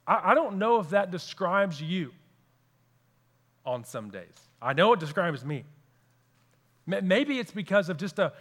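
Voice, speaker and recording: A man's voice: high voice, fairly bright tone, big-room sound. A man preaching a sermon as pastor, earnest and repeating key phrases for emphasis.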